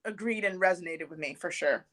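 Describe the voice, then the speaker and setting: A woman on a casual panel chat, speaking softly and agreeing with the others. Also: on the low side, fairly quick. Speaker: panel guest.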